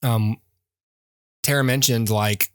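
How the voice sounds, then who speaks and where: A man's voice: medium pitch, steady tone, slow, clear, resonant tone, dry recording, clean studio sound. A man, a podcast co-host, in casual chat, rambling through a story with restarts and frequent laughter.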